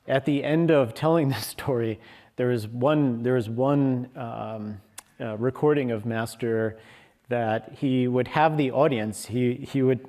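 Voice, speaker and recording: A man giving a Sunday service talk, telling a parable in a slow storytelling manner. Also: mid-range voice, darkish tone. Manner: slow, storytelling, briefly acting out lion and sheep voices. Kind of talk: sermon with a told story. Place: hall of a spiritual community.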